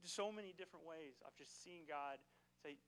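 At normal speed, a man with a slightly high, somewhat bright voice preaches a conversational sermon in a church. He casually checks in with the congregation by repeatedly asking "right?" The low-quality recording has slight background noise.

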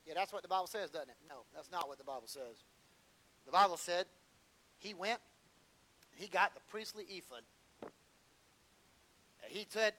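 High, bright-voiced preacher man. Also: normal speed, pauses often, a little hiss or hum, low-quality recording. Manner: animated, acts out whiny prayers and dialogue for humor. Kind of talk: sermon.

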